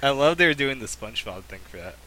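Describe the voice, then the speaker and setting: A man in casual chat, chiming in with short quick remarks. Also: medium pitch, sing-song, sharp tone, poor audio. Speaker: podcast co-host.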